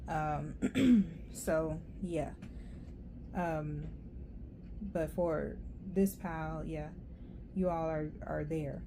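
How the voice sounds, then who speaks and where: A woman giving a casual, rambling tarot reading, chatty and quick to laugh. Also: low voice, noisy background. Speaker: tarot reader.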